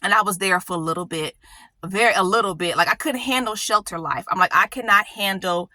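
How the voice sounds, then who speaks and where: A woman's voice: mid-range voice, fast talker, pushed and bright, dry recording. A woman hosting her own channel, telling a personal story in an emotional, conversational way, repeating phrases for emphasis and often asking "right?". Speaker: channel host.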